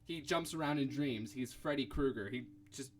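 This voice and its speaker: A young man co-hosting a casual podcast chat, animated and thinking aloud with fillers as he goes. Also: mid-range voice, normal speed. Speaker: podcast co-host.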